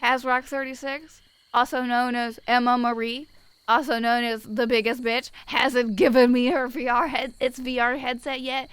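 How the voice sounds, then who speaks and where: A young woman chats casually on a live stream, blunt and wry as she reads out viewers' comments. Her voice sits a little high and sounds smooth and clear. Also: level tone, moderate pace, fairly bright tone, no room sound. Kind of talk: casual chat, reading out live chat.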